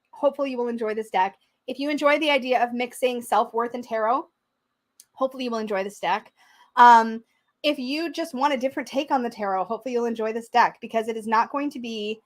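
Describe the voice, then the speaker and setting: A young woman hosting a casual livestream, chatty and excitable, reading out viewer comments as she goes. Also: on the high side. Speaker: tarot livestream host.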